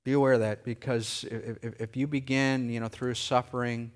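A man, a pastor, delivering a sermon in a conversational way, breaking into animated asides. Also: normal speed. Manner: conversational preaching, jumps into high excited voices for anecdotes.

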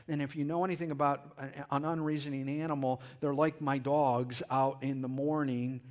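A man delivering a sermon in a loose, conversational way, repeating and restarting his words as he goes. His voice sits at an ordinary middle pitch, and he jumps to a loud shout when he acts out a scene. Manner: conversational preaching with frequent restarts and sudden shouted asides. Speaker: pastor.

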